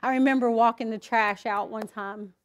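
A woman's voice: a little high, fairly even intonation, normal speed. A woman sharing a candid personal testimony at church, telling her story with emotion and acting out her own inner voice. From Idaho, US. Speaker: church speaker giving testimony.

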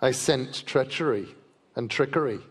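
Man doing a giant wolf, proud, scornful, growling, distrustful, middle pitch, long hall reverb. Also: a little slow, breathy edge. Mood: suspicious. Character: huge proud male wolf, suspicious and defiant.

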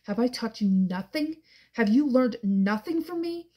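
A woman's voice: fairly high pitch, lively intonation, unhurried, husky, highs cut off. Woman reading as a cruel mocking father. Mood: menacing. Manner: taunting, contemptuous.

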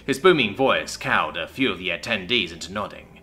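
A man narrating a science fiction story in an expressive, scripted storytelling manner. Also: low voice, fairly quick, hardly any pauses, faint music behind.

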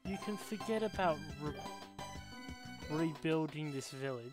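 Casting: gamer doing a mocking villain, drawn-out and unhurried, game music up loud behind. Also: mid-range voice, expressive, natural voice. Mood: gloating. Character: gloating dark villain of a fantasy game. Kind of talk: reading game dialogue aloud.

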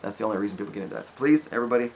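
A man's voice: lowish voice, very fast, a little hiss or hum, poor audio. A man preaching informally and fervently, exhorting his listeners, rambling with restarts and frequent asides. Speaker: preacher answering questions.

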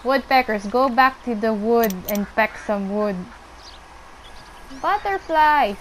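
A woman's voice: a little high, slow, slight background noise, low-quality recording. Chatty woman narrating her gameplay. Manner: chatty, talks to in-game animals, excitable squeals. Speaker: gameplay streamer. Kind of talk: casual gameplay commentary.

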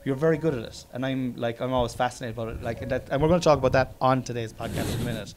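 An Irish man in his forties hosts a loose podcast chat, rambling and restarting his sentences. His pitch sits in the middle, and faint music plays underneath. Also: very fast. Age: 40s. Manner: rambling, swearing, stop-start sentences. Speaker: podcast host. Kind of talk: casual chat.

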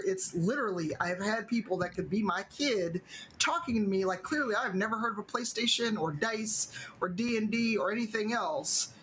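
A woman's voice: medium pitch, expressive, normal speed, a bit bright, slight background noise, rough recording. Emphatic, wry middle-aged woman on a call. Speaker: panelist. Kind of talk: casual panel discussion.

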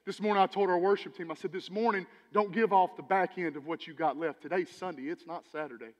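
A man preaching a sermon as pastor, animated, swinging between loud emphasis and quiet asides. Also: high-pitched, fast. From Texas. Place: church sanctuary. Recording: church hall with long reverb.

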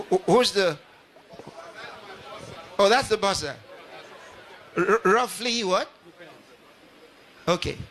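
A man's voice: high-pitched, creaky, a bit bright. A pastor addressing a live audience at a ceremony, repeating his phrases and putting questions straight to the crowd. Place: large ceremony hall.

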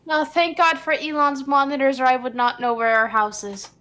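An eighteen-year-old woman on a video call, speaking softly and tearfully. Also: sits high, steady tone, normal speed. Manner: soft and tearful. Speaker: partner on a call. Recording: noisy video call audio.

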